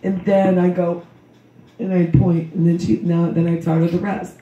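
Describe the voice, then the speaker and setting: A middle-aged woman with a loud voice gives a slow, earnest memorial tribute to her daughter. She speaks religiously and wanders into asides as she recites a poem. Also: fairly low pitch, little pitch movement. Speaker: grieving mother giving a memorial tribute. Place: memorial gathering in a large room. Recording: echoey hall, distant dull mic.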